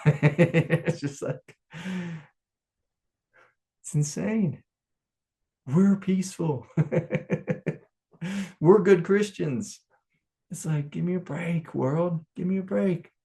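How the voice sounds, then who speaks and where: A man leads a satsang as a spiritual teacher, his mid-range voice roughened by a gravelly fry. He laughs readily and swings between impassioned pleading and soft, hushed prayer. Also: mid-range voice. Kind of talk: satsang talk.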